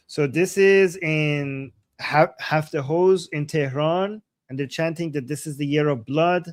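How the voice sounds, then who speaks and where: A man on a video call giving live commentary on protest videos, excitable and often exclaiming as he translates chants. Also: on the high side, measured pace. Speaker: guest commentator. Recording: loud background noise.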